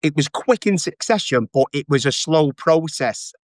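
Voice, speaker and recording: Brief: a man in his forties, raw and sincere, slightly high voice, dry recording. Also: animated, normal speed, no room sound. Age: 40s. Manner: earnest, emotional, repeats phrases. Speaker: guest. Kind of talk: candid interview.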